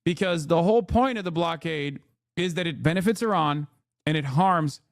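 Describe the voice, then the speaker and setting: A man's voice: on the high side, moderate pace, no echo, studio quality. A young man hosting a live political stream, reading out posts and mocking them with a sarcastic, scornful manner. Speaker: political livestream host.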